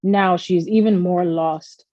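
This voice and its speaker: Woman doing a gentle low-voiced fox. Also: fairly even intonation, a little slow, no echo, lo-fi sound, close to an everyday voice. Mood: sad. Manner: low soothing storybook voice. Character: kindly male fox, calm and helpful.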